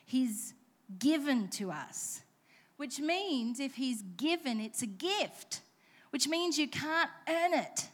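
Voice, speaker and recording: A woman delivers a sermon in a bright, high voice. She preaches with animated energy and slips into playful, self-deprecating stories. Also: slow pace. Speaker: pastor.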